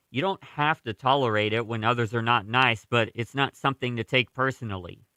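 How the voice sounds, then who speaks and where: A man hosting a college radio show, calmly reading a passage aloud and then chatting with his co-hosts. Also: mid-range voice, no room sound. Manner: calm, measured, reads aloud then discusses. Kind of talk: casual radio chat.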